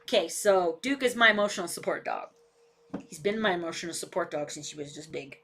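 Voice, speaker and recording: A political vlogger live-streams casual commentary from a cluttered home room, speaking bluntly, swearing often and talking back to her dog as it barks and moves around. She uses a desk microphone with a camera. Her voice is lowish, a bit bright and a little fast, with lively intonation and slight background noise.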